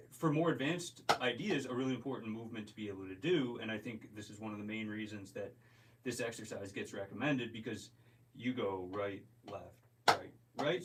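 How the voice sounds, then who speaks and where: Male drum teacher, casual explainer, mid-pitched, recorded at a distance over heavy clicking. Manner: relaxed, explains step by step, counts beats aloud. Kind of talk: casual instructional talk. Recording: distant mic with loud clicking noise.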